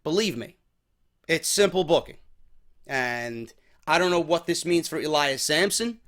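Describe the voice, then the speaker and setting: High-voiced, profane wrestling recapper. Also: male voice, a little slow. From New York. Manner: profane, blunt and animated. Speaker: wrestling show reviewer. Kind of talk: casual opinionated recap.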